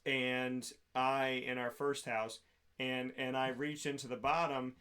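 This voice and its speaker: A man's voice: medium pitch, takes it slowly, smooth. A man co-hosting a podcast, telling a long funny story in casual chat and acting out the other people's lines in quotes. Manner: animated storyteller, mimics voices in quotes, laughs often. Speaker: podcast co-host.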